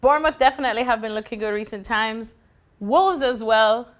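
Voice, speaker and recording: A woman's voice: fairly high pitch, a little fast. A woman hosting a casual football predictions segment, upbeat and playfully teasing her co-host. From not from the UK. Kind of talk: casual sports prediction chat.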